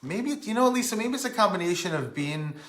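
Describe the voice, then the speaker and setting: A man's voice: high voice, expressive, quick pace, a bit bright, roomy sound. A man from Rhode Island hosting a casual live stream, rambling and breaking off to greet viewers by name.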